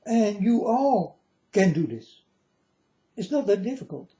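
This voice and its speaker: Calling his audience folks, a vlogger gives a repetitive, preachy spiritual monologue in non-standard English. His high, mellow voice is very animated yet unhurried, and the recording sounds muffled.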